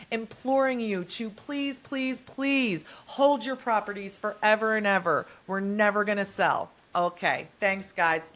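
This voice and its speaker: A woman hosts a podcast in a relaxed, chatty way. Her voice sits at a middle pitch, and she tells animated stories, acting out what people said. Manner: animated storytelling, acts out quotes. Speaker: podcast host. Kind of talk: casual chat.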